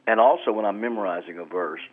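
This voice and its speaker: A man's voice: lowish voice, quick pace, slightly rough. A man, a pastor, explaining scripture in an earnest radio interview, often repeating words as he restarts. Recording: tinny phone-like radio line.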